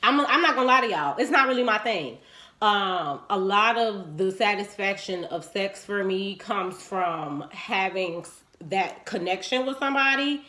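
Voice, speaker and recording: A woman, telling a candid personal story to her viewers and acting out what people said. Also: a little slow. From Chicago, US. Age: 20s. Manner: animated and frank, acting out quoted lines in swooping pitch.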